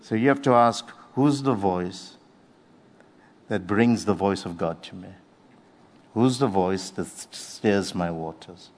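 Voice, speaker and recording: In a sermon, a man with a lowish voice preaches earnestly and without hurry, drawing out key phrases for emphasis. The long reverb of a large hall rings around his words.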